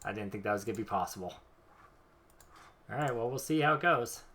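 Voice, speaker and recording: Young male streamer, bright voice, slightly low, chatty, joking, gameplay commentary. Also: expressive, a little fast, slight background noise. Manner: joking, chatty, thinks aloud.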